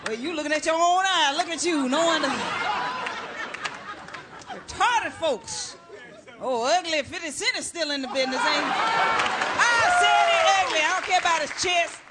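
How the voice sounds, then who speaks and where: A middle-aged woman doing a loud, brash stand-up comedy routine, shouting out to a live audience. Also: high-pitched, normal speed, pauses often, over a noisy crowd, very noisy. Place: stage before a live studio audience.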